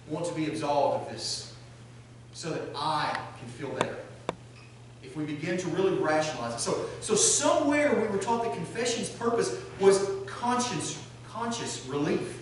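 A man preaching a sermon as a military chaplain, animated and acting out the voices he quotes. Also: a little high, moderate pace, slight background noise. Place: chapel. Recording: echoey chapel from far off.

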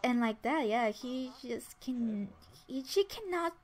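A woman with a fairly high voice and lively intonation speaks slowly while narrating a life-sim game for a let's play. She keeps it chatty, acts out the characters' dialogue, and restarts a lot.

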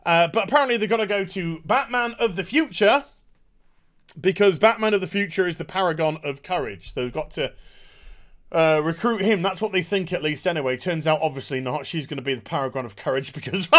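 Male review host, high-pitched, scornful, rambling recap. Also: brisk, fairly bright tone. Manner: mocking, exasperated, with hesitant fillers. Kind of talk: sarcastic episode recap.

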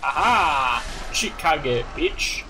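A man commentating a video game, excitable and given to loud goofy exclamations. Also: on the high side, extremely slow, music in the background. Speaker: gaming commentator. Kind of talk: let's play commentary.

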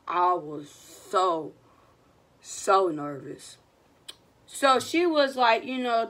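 A young woman, telling a storytime vlog in a slangy, animated, casual way and quoting what people said. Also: on the high side, slow pace. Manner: animated, slangy retelling with quoted voices. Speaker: vlogger.

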